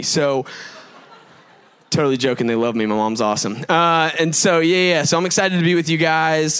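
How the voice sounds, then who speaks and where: A man's voice: medium pitch, a bit bright, smooth. A man, giving a humorous, chatty sermon to a live crowd with lots of fillers and self-deprecating asides. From Georgia, United States. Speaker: preacher.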